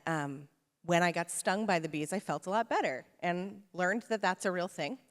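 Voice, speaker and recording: Low-voiced woman telling a story onstage. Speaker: panel speaker. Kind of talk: casual storytelling on a panel. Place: theatre stage. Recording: long hall reverb.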